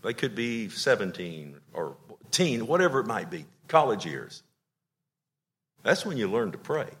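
A middle-aged male pastor preaching a sermon with emotion, swinging from loud declarations to hushed, tender lines. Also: lowish voice, very animated, unhurried.

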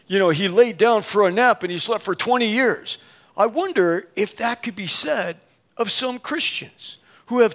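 A man in his fifties preaching a sermon, telling a story with lively acted-out dialogue and laughing at himself. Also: high voice. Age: 50s. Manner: animated, acts out both sides of dialogue, laughs at himself.

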